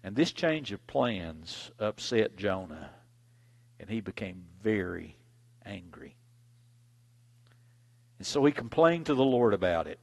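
Gravelly dramatic preacher man. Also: fairly low pitch, sing-song, slow, long pauses. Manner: dramatic, dynamic delivery, big swings in loudness. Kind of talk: sermon with scripture reading.

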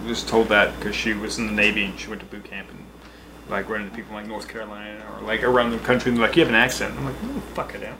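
A man's voice: on the low side, flat delivery, rapid-fire. Laughing, loose-talking man over noise. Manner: laughing, loose, says "dude" a lot. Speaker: podcast guest. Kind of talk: casual chat among friends. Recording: clear background noise.

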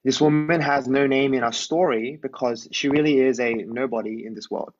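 A man's voice: mid-range voice, normal speed, muffled recording. A man preaching a conversational sermon. He tells a Bible story and often asks his listeners to imagine the scene.

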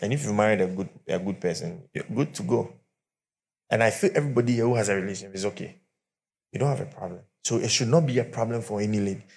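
A male pastor preaching to a church, telling stories with animated pidgin asides. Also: lowish voice, fast talker, gravelly. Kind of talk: sermon. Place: church with live and online congregation.

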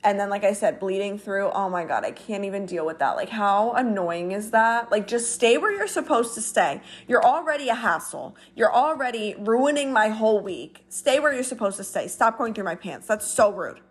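A woman's voice: mid-range voice, animated, moderate pace, few pauses. Young woman vlogging, chatty and blunt, kinda exasperated, just venting to the camera. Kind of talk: casual talk to camera.

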